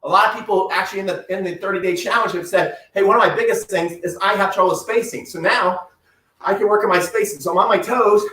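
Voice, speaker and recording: A man's voice: sits high, fast, sharp tone, roomy sound, distant mic. A man coaching tennis drills and exercises during a live home workout, upbeat and talking while he moves. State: breathing heavily at times. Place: room at home.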